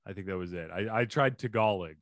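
A man's voice: on the low side, quick pace, a bit bright, dry recording. A man hosting a comedy podcast over a remote call, joking and ad-libbing playfully in casual chat. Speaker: podcast host.

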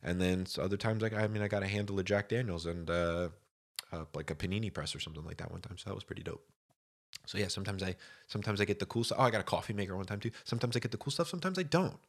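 A man's voice: low voice, racing. A man with a cold, chatting casually to camera in a rambling, slangy way, full of "dude" and "bro". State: has a cold, voice deeper than usual.

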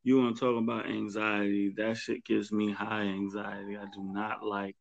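Laid-back low-voiced man, casual chat. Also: little pitch movement, moderate pace, creaky, no echo. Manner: laid-back, slangy, laughs often. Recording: dull, dry sound.

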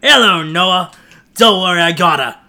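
Casting: a man playing a cool, sneering teenage ringleader, bright voice. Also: high voice, normal speed, full character voice. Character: cool, sneering teenage male gang leader. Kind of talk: amateur read-aloud with character voices.

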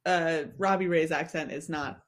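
A woman co-hosting a podcast, chatting casually about a TV episode, relaxed and often laughing. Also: low-pitched, normal speed. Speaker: podcast co-host. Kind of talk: casual TV recap chat.

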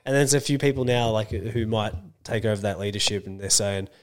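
A man's voice: fairly low pitch, a little fast. An Australian man co-hosting a podcast, chatting casually and reading news items in a blunt, sweary, joking way. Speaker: podcast co-host.

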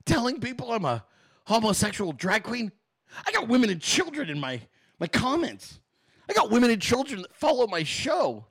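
A man's voice: very high voice, very animated, normal speed, pauses often, fairly bright tone, husky, no echo, poor audio. A man hosting a political commentary show, ranting casually with sarcastic, profane mockery and frequent laughter. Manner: laughs often between remarks. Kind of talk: casual rant.

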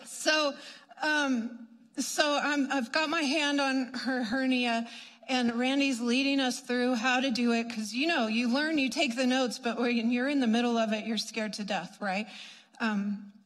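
A woman minister telling testimonies in a chatty, animated storytelling way, acting out what people said. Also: fairly high pitch, unhurried, long reverb tail, poor audio. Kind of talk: testimony preaching.

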